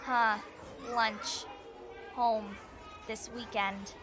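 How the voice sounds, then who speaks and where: A woman voicing a shy, odd schoolboy who talks slowly and echoes words back in a storybook. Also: fairly high pitch, level tone, fairly bright tone, a little hiss or hum, pitched below the performer's own voice. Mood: puzzled. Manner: slow, halting, echoing words back.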